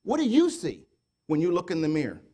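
With wildly swooping pitch and a slightly rough voice, a man preaches fairly quickly. His sermon pelts the congregation with repeated rhetorical questions, alternating loud urging with low murmured asides.

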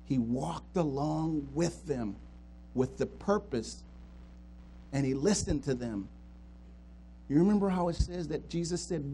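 Impassioned pastor preaching. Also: male voice, on the high side, a little slow, pauses often, a little hiss or hum. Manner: swings from hushed to loud pleading. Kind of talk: sermon.

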